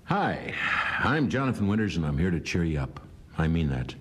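A man in his fifties rambling through a comic cheer-up message, halting with mock earnestness. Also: low voice, very animated, husky. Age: 50s. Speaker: comedian. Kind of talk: comic recorded greeting.

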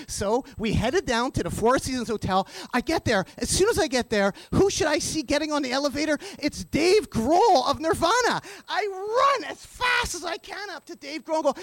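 A man hosting a radio show, telling an anecdote in an excited, stammering way and acting out the voices of the people in it. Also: moderate pace, few pauses, no room sound. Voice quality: high, lively, animated voice that jumps in pitch. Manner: stammering, breathless, acts out voices in the story. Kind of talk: excited spoken storytelling. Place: radio studio.

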